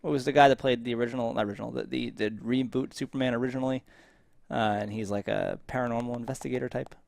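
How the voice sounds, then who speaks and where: A man co-hosting a casual chat about a TV episode, talking fast and offhand at a medium pitch. He tosses out guesses in quick runs. The sound is dry and close to the mic. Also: steady tone, gravelly, a little mellow, no room sound. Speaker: podcast co-host reviewing a TV episode.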